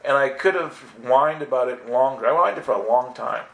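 A man giving an earnest, animated personal spiritual testimony, full of restarts. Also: mid-range voice, a little fast, gravelly. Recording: echoey room.

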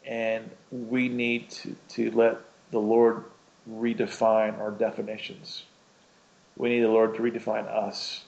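A man's voice: lowish voice, monotone, unhurried, vocal fry, darkish tone, dull audio. A man preaching a conversational sermon, rambling through a personal story with lots of "you know" and "right?".

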